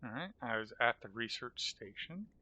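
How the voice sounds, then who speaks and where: A man's voice: medium pitch, big pitch swings, moderate pace, pushed and bright. A man streaming a game live, chatting casually and thinking aloud as he plays. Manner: thinks aloud while playing, chatty asides. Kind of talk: casual live-stream chat while playing.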